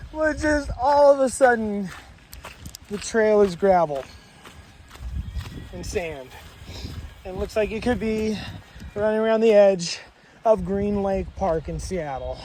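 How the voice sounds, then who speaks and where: Vlogging hiker from washington, unhurried and amazed, outdoors with a faint hiss. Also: mid-range voice, a little mellow. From Washington state. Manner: awestruck, exclaims often, rambling. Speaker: long-distance hiker. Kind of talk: walking trail vlog, thinking aloud. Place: outdoors on a mountain trail.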